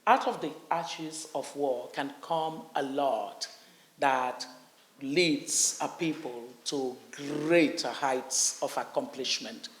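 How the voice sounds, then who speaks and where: A woman's voice: very deep voice, takes it slowly. Impassioned Nigerian woman in an echoey hall. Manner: impassioned, acts out voices of different groups. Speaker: conference speaker. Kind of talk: on-stage conversation. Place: conference hall.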